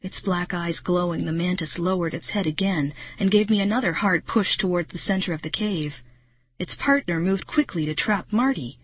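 A woman narrating a children's audiobook in a brisk, dramatic storytelling manner. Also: on the low side, breathy edge, dry recording. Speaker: audiobook reader.

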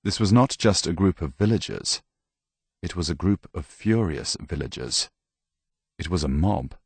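A man reading a novel aloud with measured, even storytelling, close to the mic. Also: deep voice, breathy edge, no room sound. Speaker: audiobook narrator. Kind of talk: scripted narration.

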